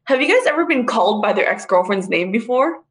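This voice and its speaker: Animated young woman telling a story. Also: fairly high pitch, quick pace, low-quality recording. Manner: animated storyteller, swears freely, says dude and bro. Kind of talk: casual chat.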